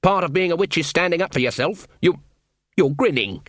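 A man's voice: fairly high pitch, lively intonation, fairly quick, fairly bright tone, dry recording, studio quality, voice pushed up. A man voicing a stern proud old witch. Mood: firm. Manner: firm, curt, commanding. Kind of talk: audiobook reading.

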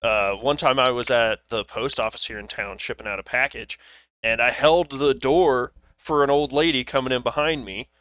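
A man from Texas co-hosting a casual podcast, animated and laughing often as he swears through stories. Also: medium pitch, normal speed, smooth, dry recording, dull audio. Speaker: podcast co-host. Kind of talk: casual chat.

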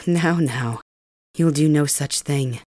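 A woman voicing a cold, cruel young male king, calm and mocking, in an ASMR audio role-play. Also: low voice, takes it slowly, no room sound, clean studio sound. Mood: coldly cruel.

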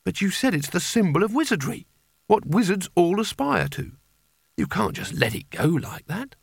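A man voicing a sharp-tongued young woman warrior who speaks bluntly and sounds exasperated. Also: sits high, sing-song, moderate pace, creaky, husky, no echo, clean studio sound, pitched above the performer's own voice, heavily acted.

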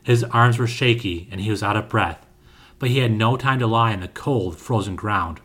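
A man narrating a scripted fantasy story with a steady, dramatic reading. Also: on the low side, moderate pace, husky.

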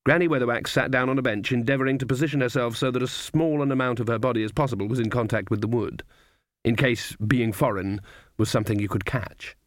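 A man narrating a comic fantasy audiobook in a dry, measured storytelling manner. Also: medium pitch, steady tone, no room sound. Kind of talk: scripted narration.

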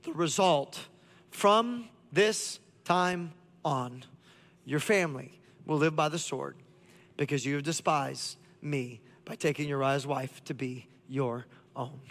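Male pastor, high voice, impassioned preaching, long hall reverb. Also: slow pace, a bit bright. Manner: impassioned, voicing God's lines with rising intensity. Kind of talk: sermon.

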